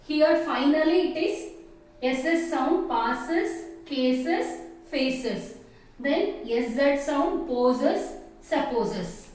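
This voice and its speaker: A woman teaching shorthand step by step, slowly and methodically naming each stroke. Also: high voice, lively intonation, a little mellow, recorded from a distance. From India. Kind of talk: step-by-step classroom explanation. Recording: echoey room, off-mic, faint noise.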